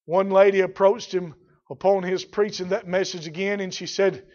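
A man preaching a sermon, swinging from loud shouts to quiet, drawn-out emphatic words. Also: high-pitched, fairly even intonation, muffled recording.

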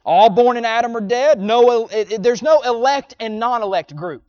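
A man with a very high, darkish voice preaches at normal speed in a folksy, emphatic manner, tossing sarcastic asides at his congregation. The recording is dry but dull and lo-fi.

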